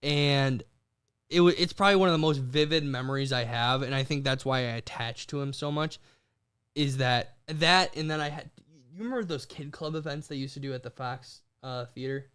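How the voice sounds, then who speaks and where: A young man co-hosting a podcast, telling stories in animated bursts with quick restarts. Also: mid-range voice, clean tone. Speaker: podcast co-host. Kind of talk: casual chat.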